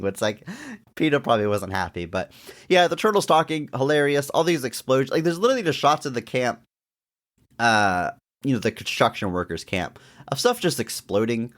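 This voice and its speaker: A man's voice: mid-range voice, sing-song, moderate pace. A man co-hosting a podcast, chatting casually about an old comedy film and laughing often. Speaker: podcast co-host. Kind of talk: casual movie discussion.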